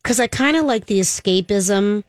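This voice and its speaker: A woman's voice: medium pitch, normal speed, no echo. A woman co-hosting a casual chat show, talking about TV shows with lots of gushing enthusiasm and fillers. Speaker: show co-host.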